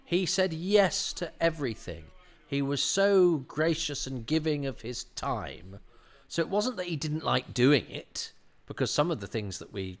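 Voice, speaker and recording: Man chatting through a TV commentary. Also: medium pitch. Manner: chatty, halting, acts out quoted dialogue. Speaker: commentator on a classic TV serial. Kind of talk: casual commentary chat.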